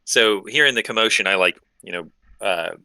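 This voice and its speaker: Deep, bright-toned man playing a tabletop game. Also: normal speed, vocal fry, clear, resonant tone. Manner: checks details with questions, casual. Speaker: player.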